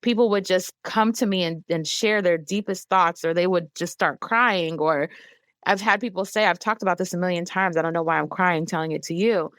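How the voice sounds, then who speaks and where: Woman in her thirties, earnest interview guest, lowish voice, dry close sound. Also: normal speed, no echo. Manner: earnest, animated when quoting others. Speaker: guest, emotional wellness advocate. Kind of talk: candid interview talk.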